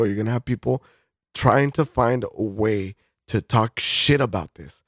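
A man's voice: lowish voice, a little slow, no room sound, studio quality. A man co-hosting a podcast, ranting in casual chat, swearing constantly and restarting his sentences. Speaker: podcast co-host. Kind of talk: casual profane rant.

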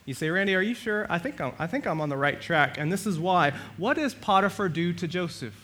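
A male pastor preaching a sermon, animated, swinging between loud and soft and acting out the quotes. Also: high-pitched, a little fast.

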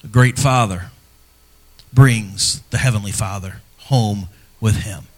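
A middle-aged man, a pastor, preaching a sermon in a church, earnest and personal, swinging from loud emphasis to hushed, near-whispered lines. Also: fairly low pitch, slow. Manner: earnest and personal, speaking to fathers.

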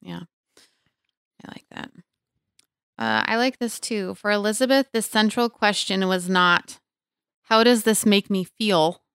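Smooth-voiced woman hosting a chat podcast. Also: medium pitch, lively intonation, measured pace, pauses often, a bit bright, no room sound, studio quality. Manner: earnest and chatty, with many fillers. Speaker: podcast host. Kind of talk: casual faith podcast chat.

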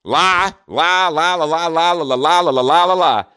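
A man's voice: a little high, slow, pushed and bright, clear, resonant tone. A man in a rambling solo monologue, profane and mocking, who laughs often. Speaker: commentator.

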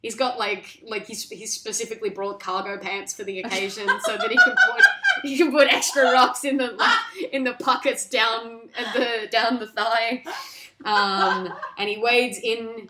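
A woman's voice: a little high, animated, measured pace, sharp tone. A woman co-hosting a podcast, casually retelling a film plot in a rambling way, full of likes and restarts. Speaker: podcast co-host. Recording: echoey room.

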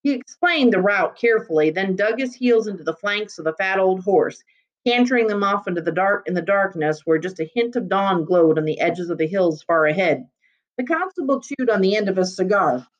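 A woman narrating a chapter of a novel in steady storytelling fashion. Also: mid-range voice, fairly quick, lo-fi sound. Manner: steady storytelling with character voices. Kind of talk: audiobook reading.

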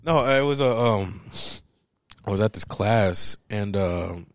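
Young man, casual chat, rambling, lots of fillers, expressive voice, dry close sound. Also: lowish voice, slow, dry recording. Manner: rambling storyteller with lots of fillers, bursts of laughter. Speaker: podcast co-host.

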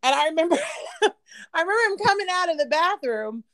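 A woman in her thirties with a very high-pitched voice, talking fairly quickly as a podcast co-host. In casual chat she tells an animated story, swearing freely and laughing often.

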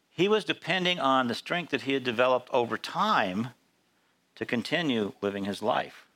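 A male pastor preaches a sermon in church, animatedly telling Bible stories and performing the characters' voices. His voice is medium in pitch with a creaky quality.

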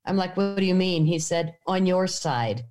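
A woman's voice: fairly low pitch, animated, moderate pace, a little mellow. A woman, a filmmaker, telling a story in a casual interview, animatedly acting out voices in her anecdotes. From United States. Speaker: filmmaker guest.

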